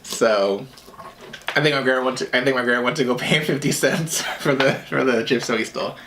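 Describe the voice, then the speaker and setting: A man from New Jersey chats casually through a childhood story while eating, laughing often and pausing for sips of water. Under his easygoing, mid-pitched voice there is a faint clink of cutlery and dishes. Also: noisy background. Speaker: vlogger. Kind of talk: casual storytelling during a mukbang.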